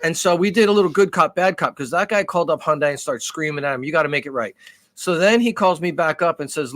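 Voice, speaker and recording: Podcast co-host, man, profane rambling storyteller, slightly high voice, dry close sound. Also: fast talker, no echo. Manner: animated, profane, rambling with restarts. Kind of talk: casual storytelling.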